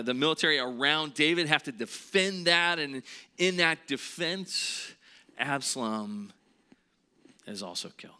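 Pastor, male, bright and forceful tone, earnest sermon delivery, sinks to a hush for weight. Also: medium pitch. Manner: earnest, drops to a hush on heavy points.

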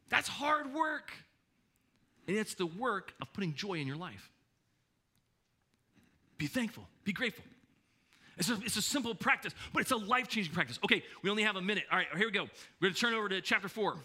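A man preaching a sermon, animated and emphatic, often repeating his points. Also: high voice. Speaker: pastor.

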